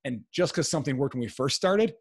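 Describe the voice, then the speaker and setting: Male podcast guest, salesperson type, businesslike and explanatory, mid pitch, dry close recording. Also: animated, quick pace, slightly rough, no echo. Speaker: podcast guest, real estate investor. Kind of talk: casual interview talk.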